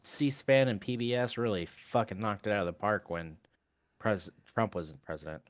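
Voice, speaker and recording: A man's voice: fairly low pitch, normal speed, no room sound. A man co-hosting a casual podcast chat, talking bluntly and swearing freely. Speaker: podcast co-host.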